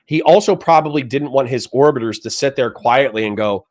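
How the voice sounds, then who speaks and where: A man's voice: medium pitch, brisk, few pauses. A man on a livestream reading chat comments aloud and answering them in a blunt, profane, lecturing rant.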